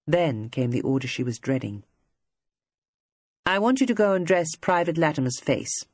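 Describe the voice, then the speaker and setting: An audiobook narrator reading scripted literary prose in a measured, even manner. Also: mid-range voice, no room sound, studio quality.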